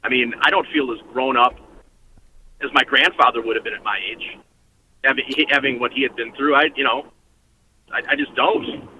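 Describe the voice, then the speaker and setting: A male caller with a bright, gravelly voice that swings widely in pitch, heard over a muffled phone-in line with faint noise. He talks in an earnest, rambling way. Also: very animated, normal speed, long pauses. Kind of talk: call-in conversation.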